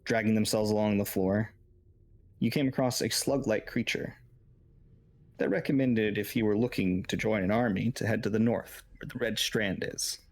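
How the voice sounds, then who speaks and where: A man's voice: on the low side, steady tone, moderate pace, a little hiss or hum. A man narrating as game master in a tabletop game, loose and full of fillers.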